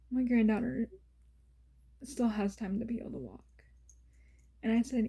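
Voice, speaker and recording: A woman's voice: on the high side, normal speed, creaky, pauses often, dark tone, slightly rough. A woman vlogger telling personal stories in an earnest, emotional way, often dropping to a whisper. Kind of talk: casual personal storytelling.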